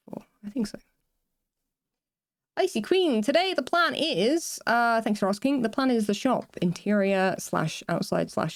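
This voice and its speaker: A woman's voice: medium pitch, no room sound. Rambling woman streamer, dry close sound. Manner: rambling, self-interrupting, laughs often, talks to chat. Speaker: game streamer. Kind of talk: casual livestream chat while building in a game.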